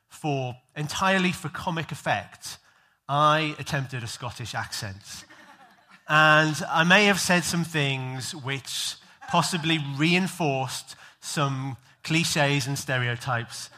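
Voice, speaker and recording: A man's voice: medium pitch, sharp tone. A male preacher giving a conversational sermon to his congregation in a church, full of self-deprecating jokes and loose fillers.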